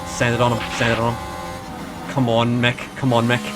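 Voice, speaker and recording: A man streaming a racing management game, commenting in a frantic, pleading way that swings from hushed to yelling. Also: medium pitch, completely flat delivery, moderate pace, over loud music. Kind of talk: excited live gameplay commentary.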